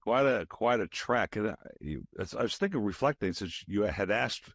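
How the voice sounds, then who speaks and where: An older man hosting a podcast from a studio, rambling chattily with fillers and trailing into lower murmurs. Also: expressive, normal speed, dry recording. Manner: rambling with fillers, drops to a low mutter. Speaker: podcast host. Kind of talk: casual interview chat.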